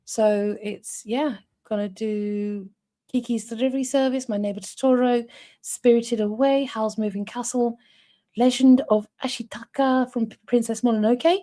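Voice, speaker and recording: Her voice sits a little high yet carries a dark tone, steady and moderately paced. She's a livestream co-host in her 40s from North East England, laughing frequently as she chats casually with viewers.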